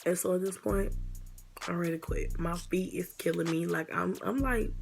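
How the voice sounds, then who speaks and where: A woman's voice: on the low side, steady tone, normal speed, gravelly, over music. A young woman telling a story in a casual vlog, blunt and exasperated, swearing now and then. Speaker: vlogger.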